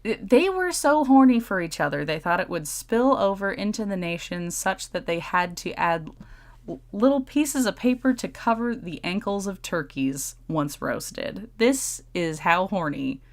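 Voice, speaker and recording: A woman's voice: mid-range voice, animated, measured pace. A woman co-hosting a podcast, chatting playfully and laughing often. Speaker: podcast co-host. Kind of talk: casual chat.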